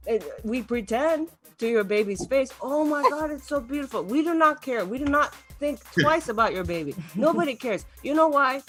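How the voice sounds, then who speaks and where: A young adult woman delivers an online stand-up set in a lively, swooping voice. She rants with mock outrage and keeps breaking into laughter at her own jokes. Faint music plays underneath. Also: fairly high pitch. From Los Angeles. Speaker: stand-up comedian.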